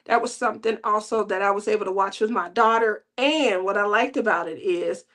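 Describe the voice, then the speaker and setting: A woman's voice: mid-range voice, fairly bright tone. A middle-aged woman hosting a crafting channel, chatting casually with viewers in a rambling way and laughing often.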